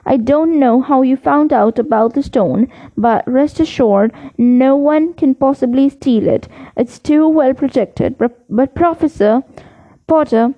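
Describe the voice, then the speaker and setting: A woman's voice: high voice, unhurried. A woman reading the part of a stern older female professor in a storybook, with a clipped, strict delivery. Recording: dull lo-fi recording.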